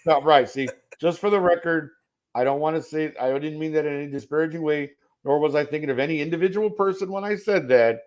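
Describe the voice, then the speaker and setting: A man's voice: on the high side, fast talker, a little mellow. A man hosting a casual football talk show, asking long rambling questions with jokes. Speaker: football podcast host. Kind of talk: casual sports chat.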